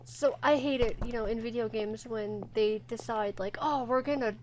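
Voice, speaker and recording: A woman's voice: fairly high pitch, fairly even intonation, moderate pace, very noisy. A woman commenting casually on a horror game, reading its text aloud and talking to her viewers. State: near tears. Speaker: gaming YouTuber. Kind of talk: let's play commentary.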